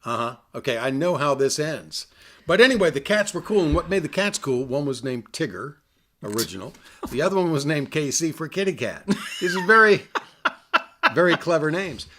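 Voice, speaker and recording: A man's voice: on the high side, animated, normal speed, sharp tone. A man co-hosting a podcast in casual chat, wry and easygoing with dry jokes. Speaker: podcast co-host.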